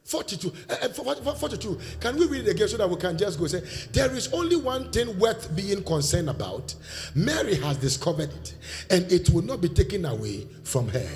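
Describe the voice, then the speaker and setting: A Nigerian man preaching a sermon in a church hall, leading call-and-response and breaking into shouts. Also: sits high, big pitch swings, moderate pace, a little hiss or hum. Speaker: pastor. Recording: reverberant church hall, faint music.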